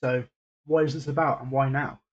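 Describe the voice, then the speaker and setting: A man's voice: medium pitch, steady tone, normal speed, lo-fi sound. A man hosting a reaction video, talking casually and hesitantly with lots of fillers and restarts.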